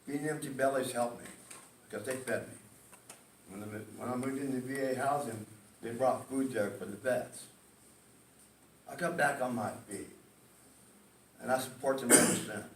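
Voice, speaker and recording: A man's voice: mid-range voice, fairly even intonation, moderate pace, long pauses, recorded from a distance, a little hiss or hum. A man speaking emotionally at a community meeting, stressing points with a repeated "okay?". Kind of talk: public testimony at a meeting. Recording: echoey hall, picked up from afar.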